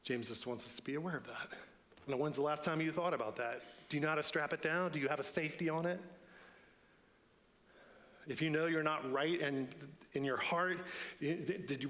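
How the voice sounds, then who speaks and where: A man's voice: a little high, normal speed, pauses often, a bit bright. A man preaching a sermon in a church, earnest and building to emphatic repeated lines. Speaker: pastor. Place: church sanctuary. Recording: long church hall reverb.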